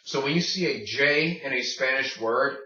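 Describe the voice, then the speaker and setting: A man giving a Spanish pronunciation lesson, drilling words slowly and checking in with "okay?" as he teaches. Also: mid-range voice, bright, forceful tone. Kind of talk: video lesson. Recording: distant, dull, echoey room mic.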